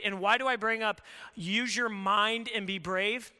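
A man preaching with a high, very bright and smooth voice, talking to the congregation in a lively, conversational way and throwing out rhetorical questions. His voice carries a long hall reverb. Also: measured pace. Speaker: pastor. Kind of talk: sermon.

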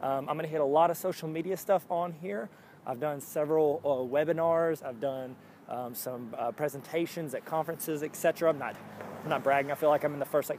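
A man hosts his own podcast in a casual solo monologue, jokey and upbeat, rambling and often restarting to poke fun at himself. His voice is fairly high with fairly even intonation, brisk, over background noise.

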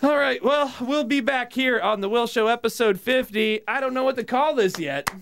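A man with a high, gravelly voice hosts a casual comedy podcast. He tells his stories in an animated way and laughs often. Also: normal speed, noisy background. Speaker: podcast host.

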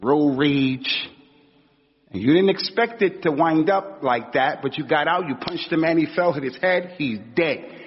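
Husky, fairly high male preacher; casual slangy sermon, acted-out anecdotes; dull recording, long hall reverb. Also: measured pace. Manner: conversational, street slang, acts out anecdotes. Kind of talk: informal sermon.

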